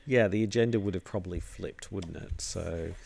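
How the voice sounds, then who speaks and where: A man co-hosting a board game podcast, chatty and quick to check his facts. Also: low voice, creaky, darkish tone, slight background noise. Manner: chatty, laughs easily, asks for confirmation. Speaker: podcast co-host. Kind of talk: casual board game discussion.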